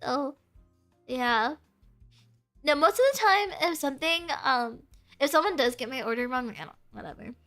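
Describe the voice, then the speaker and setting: Young woman streamer, high pitched and bright, giggly rambling chat, says like constantly. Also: expressive, moderate pace, pauses often, faint music behind. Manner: chatty and giggly, peppers speech with "like". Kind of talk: casual chat reading viewer comments.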